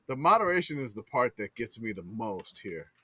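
A man's voice: lowish voice, big pitch swings, normal speed, pushed and bright, husky, no room sound. A man from Louisiana co-hosting a casual podcast from home, rambling with many restarts. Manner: rambling, lots of restarts and laughs. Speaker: podcast co-host. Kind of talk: casual chat.

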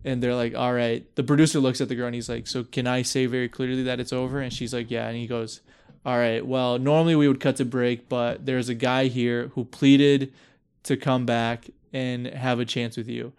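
A man's voice: medium pitch, level tone, normal speed, darkish tone, clear, resonant tone. A young man hosting a podcast, animatedly retelling a story, swearing freely and acting out quotes. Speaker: podcast host. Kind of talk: casual chat.

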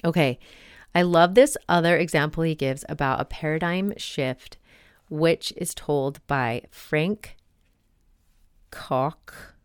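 Low-voiced chatty woman telling stories. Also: clear, resonant tone, dry recording, clean studio sound. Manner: chatty, storytelling with many fillers. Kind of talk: casual reflective monologue with read-aloud story.

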